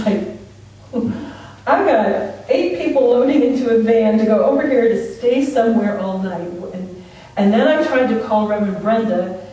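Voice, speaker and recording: Woman preaching in an echoey church. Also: on the high side. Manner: storytelling, animated, laughs often. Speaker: speaker at a church service. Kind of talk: conversational sermon. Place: church sanctuary. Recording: distant mic in an echoey room.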